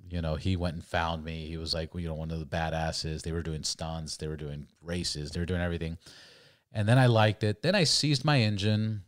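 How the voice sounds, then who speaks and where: A man's voice: deep voice, dry recording, studio quality. A man in his forties from California, telling rambling, profane stories as a podcast guest. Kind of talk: casual storytelling.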